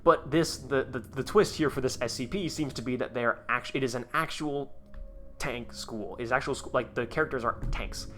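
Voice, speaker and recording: Bright-voiced guy rambling and chuckling. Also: medium pitch, normal speed, a little hiss or hum. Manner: rambling, chuckles often, excitable. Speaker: YouTube host. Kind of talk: casual commentary while reading aloud.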